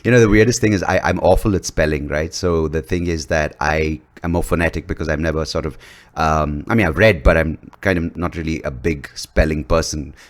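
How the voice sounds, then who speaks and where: A man with a notably low voice hosts a podcast. He rambles loosely from joke to joke, swears freely and laughs a lot. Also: fairly even intonation, brisk. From India. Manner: rambling, profane and jokey, laughs often. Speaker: podcast host. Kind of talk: casual podcast chat.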